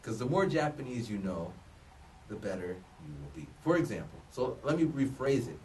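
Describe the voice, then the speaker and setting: Lively man talking from across the room. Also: normal speed. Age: 30s. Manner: loose, joking, restarts often, animated swings in pitch. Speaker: vlogger giving job advice. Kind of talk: casual talk to camera. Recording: voice a bit distant from the mic, faint room noise.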